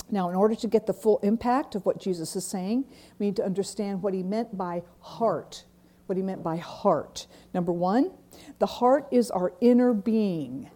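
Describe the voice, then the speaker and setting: A woman's voice: mid-range voice, a little slow, warm tone. A woman teaching a weekly Bible class, speaking earnestly and repeating key phrases for emphasis. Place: church classroom.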